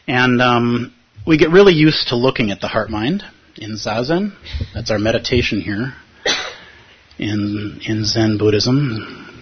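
Husky-voiced man giving a Zen talk. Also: medium pitch, muffled recording. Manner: conversational, playful, acts out inner voices. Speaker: Zen teacher. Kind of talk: dharma talk. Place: meditation hall with a live audience.

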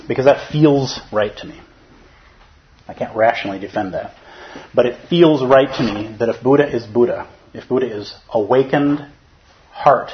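Man, Zen teacher, chatty dharma talk, mid-pitch, dull muffled recording. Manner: conversational, humorous, checks in with listeners.

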